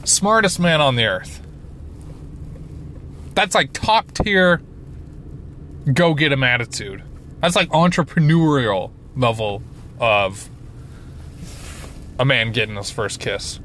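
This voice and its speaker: A young man in his twenties with a voice of ordinary pitch tells a funny personal story, slow and drawn out. He puts on playful bravado, mocks himself and acts out the voices of the people in it. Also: a little hiss or hum. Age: 20s. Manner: animated, playful, self-mocking bravado. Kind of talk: comedic storytelling to camera.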